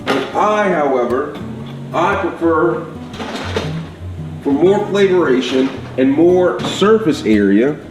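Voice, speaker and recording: A man's voice: on the high side, animated, takes it slowly, long pauses. A man giving a casual cooking demonstration in his home kitchen, chatty, often checking in with "all right?". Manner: chatty, repeats "all right?" and "absolute goodness". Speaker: home cook. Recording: echoey kitchen with faint guitar music.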